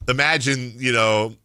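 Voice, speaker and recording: A man's voice: medium pitch, pushed and bright, smooth, no room sound. A man hosting a sports talk radio show, teasing and sarcastic in casual banter at a studio mic.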